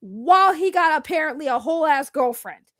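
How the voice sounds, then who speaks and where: A woman's voice: high voice, animated, brisk, dry recording, studio quality. A woman streamer talking in a blunt, profane way and mocking others' words in heated casual talk.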